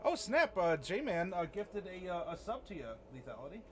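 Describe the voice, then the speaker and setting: A man running a streamed tabletop game as game master, chatty and halting with lots of fillers. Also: high voice, big pitch swings, noisy background. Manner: chatty, halting, many fillers, laughs easily.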